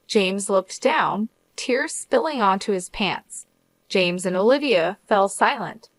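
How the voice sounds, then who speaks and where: A woman reading a first-person drama story aloud in a measured, even narration. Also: mid-range voice, dry recording.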